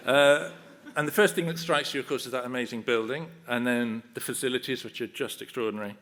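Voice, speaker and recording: An older man with a voice of average pitch accepts an honour with a wry, anecdotal speech. He is self-deprecating and chuckles lightly between points. He speaks into a podium microphone in a ceremony hall. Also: steady tone, fairly quick, a bit bright. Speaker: honorary award recipient.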